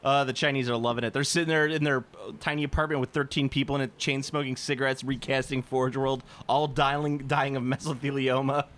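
Man, mid-pitched voice, rambling, swears freely, laughs a lot, casual podcast talk. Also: level tone, brisk, few pauses, a bit bright.

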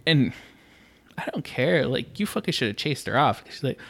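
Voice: mid-range voice, sing-song, moderate pace, creaky, fairly bright tone, slightly rough. A podcast co-host in casual movie-review chat, swearing freely and acting out quoted lines.

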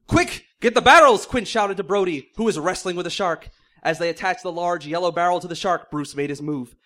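A man's voice: sits high, fairly even intonation, brisk. A man reading silly fan fiction aloud in mock-serious narration, often breaking into laughter. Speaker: comedic reader.

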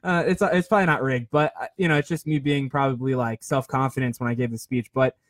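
A man's voice: mid-range voice, fairly even intonation, fast, no room sound, clean studio sound. A man in his twenties telling a rambling, self-deprecating story in casual chat, with lots of fillers and restarts. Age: 20s. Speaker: podcast host.

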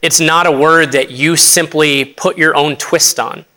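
A young man delivers a church sermon in a bright, clear voice that sits a little high. He is earnest and unpolished, often stopping and restarting his sentences as he works his thoughts out aloud. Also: fairly even intonation. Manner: earnest, halting with many restarts and fillers. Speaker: associate pastor.

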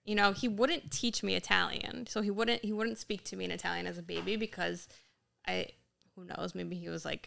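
Gravelly, bright-voiced young woman chatting. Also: medium pitch, fairly quick. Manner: animated storyteller, acts out quotes in Italian. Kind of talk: casual chat.

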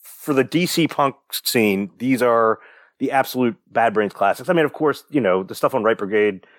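A man's voice: medium pitch, normal speed, dry recording, clean studio sound. A young man, a podcast co-host, rambling through a casual story with lots of fillers and the odd swear. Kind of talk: casual chat.

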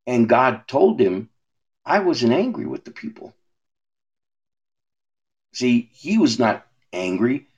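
A man talking about his faith in a relaxed way, asking rhetorical questions and often restarting his words. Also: mid-range voice, creaky. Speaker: minister. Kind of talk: preaching conversation.

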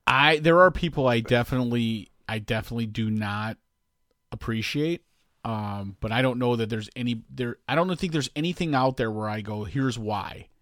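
A man co-hosting a podcast, talking in a measured, reflective way in casual chat. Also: medium pitch, a bit bright, no echo, clean studio sound. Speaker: podcast co-host.

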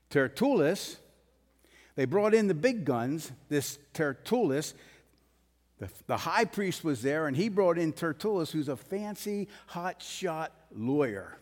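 A man preaching a sermon verse by verse, blunt and emphatic, pushing his voice up to forceful peaks. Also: fairly high pitch. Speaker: pastor. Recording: long hall reverb.

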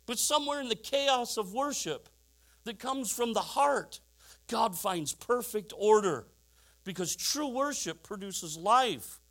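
A man's voice: extremely high pitch, expressive, slow, fairly bright tone. A middle-aged man preaching a sermon, telling stories with chuckling asides and rhetorical questions to the congregation. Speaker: pastor.

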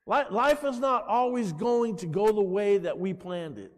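A middle-aged man preaching a sermon as pastor, animated, calling "Amen?" out to his congregation. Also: high voice, measured pace, big-room sound. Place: church.

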